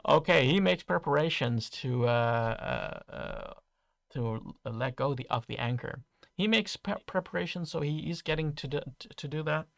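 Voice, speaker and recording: A man narrating a tabletop game as game master, speaking in a halting way with many fillers and restarts. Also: on the high side, expressive, creaky, no echo, studio quality.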